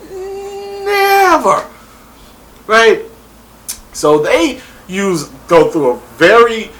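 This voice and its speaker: A man casually reviewing a reality show on his vlog, rambling and excitable and swearing freely. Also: a little high.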